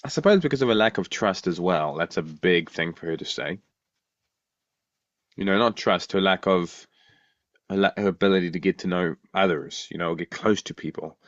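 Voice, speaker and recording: A man's voice: low-pitched, moderate pace, no echo, muffled recording. A man co-hosting a podcast in casual chat, rambling and asking lots of questions. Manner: rambling, restarts often, asks questions. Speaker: podcast co-host.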